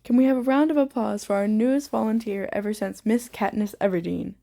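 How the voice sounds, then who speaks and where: A woman's voice: medium pitch, steady tone, brisk, gravelly, mellow, natural voice. A woman voicing a chirpy female announcer with a put-on showy accent, in a storybook reading. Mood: announcing.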